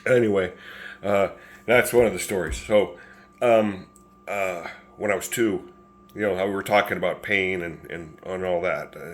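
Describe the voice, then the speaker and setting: A man in his fifties telling stories in a rambling, folksy way, chuckling often. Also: low-pitched. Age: 50s. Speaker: storyteller. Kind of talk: casual storytelling to camera.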